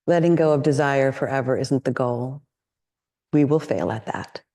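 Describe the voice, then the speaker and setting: A woman's voice: a bass voice, normal speed, dark tone. A woman meditation teacher giving a dharma talk, reflective and candid, often asking questions.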